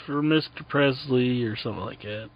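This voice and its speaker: A man's voice: medium pitch, normal speed, background noise. A man with an ordinary mid-range voice co-hosts a talk radio show, needling his callers and laughing along. The audio is dull and lo-fi. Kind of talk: casual talk radio banter. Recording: dull lo-fi sound.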